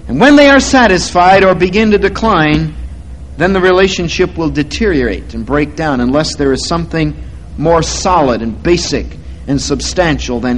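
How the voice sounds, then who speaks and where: A man preaching a sermon, slow and deliberate, swelling louder on key words. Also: fairly high pitch, a little hiss or hum, poor audio. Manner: slow, deliberate stress on words to teach them.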